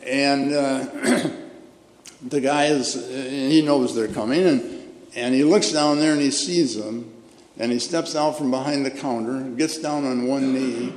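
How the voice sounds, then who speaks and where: An older man, a retired pastor, preaches a folksy, storytelling sermon in a church sanctuary, his voice on the high side with a darkish tone. He fills it with fillers and restarts. The echoey hall adds long reverb, with faint room ambience underneath.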